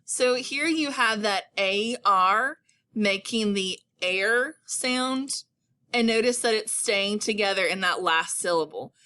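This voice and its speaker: Slow, bright-voiced woman teaching young children. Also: mid-range voice. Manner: slow, clearly enunciated, encouraging teacher talk. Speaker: elementary school teacher. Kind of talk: recorded phonics lesson for children.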